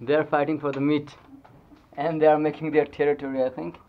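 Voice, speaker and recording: A vlogger with a Nepali accent, speaking English as a second language, gives casual, excitable commentary while filming pets at home, laughing often. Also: medium pitch, brisk, narrow, tinny audio. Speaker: pet vlogger.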